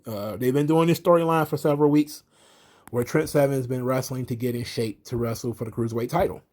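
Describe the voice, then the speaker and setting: A man's voice: mid-range voice, fairly quick, darkish tone. A man giving a casual, sarcastic recap of a wrestling show, swearing often and speaking bluntly. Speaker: wrestling commentary host.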